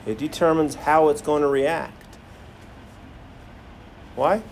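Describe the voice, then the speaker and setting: Running a classroom demo, a male science teacher quizzes his students constantly and keeps things jokey. He talks slowly in a slightly high, darkish voice, and there's a bit of hiss or hum underneath.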